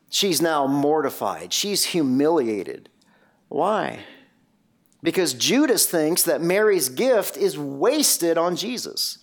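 A man preaching a sermon, telling a Bible story with lively rhetorical questions and shifting pace. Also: fairly high pitch.

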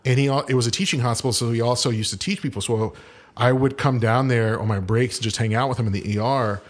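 A man's voice: medium pitch, steady tone. A man co-hosting a casual podcast chat, rambling through a story and acting out what others said. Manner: storytelling, acts out quotes; swears casually, quick and rambling. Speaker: podcast co-host.

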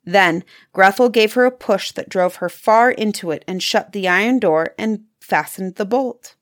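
A woman reads a fairy tale aloud in an expressive storytelling voice. She pauses for drama and lets her tone dip at dark moments. Her pitch sits in a medium range.

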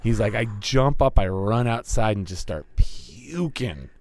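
A man's voice: on the low side, animated, a little slow. A man co-hosting a casual podcast, retelling a friend's story in a rambling way and chuckling often. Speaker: podcast co-host.

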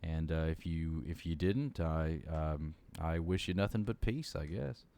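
A man's voice: a bass voice, measured pace, mellow. A man co-hosting a podcast in easygoing casual chat, often searching for words with fillers. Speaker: podcast co-host.

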